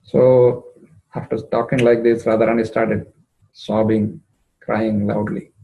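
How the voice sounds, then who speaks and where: A man's voice: flat delivery, a little slow, creaky, narrow, tinny audio. Emotive male devotional storyteller. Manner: emotive, rising in pitch at moving moments, frequent fillers. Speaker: spiritual storyteller.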